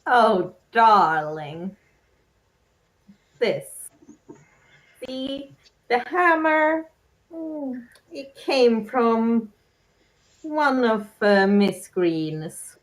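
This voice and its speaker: A woman voicing a cool female enforcer who delivers slow, silky threats in a tabletop game. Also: a little high, expressive, rough recording. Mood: menacing.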